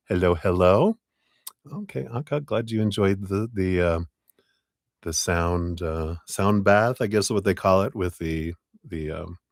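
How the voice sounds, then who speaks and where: Deep-voiced man hosting a chatty live stream. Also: no room sound, clean studio sound. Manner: chatty, greets viewers warmly, laughs often, drops into quiet asides. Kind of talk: casual live-stream chat.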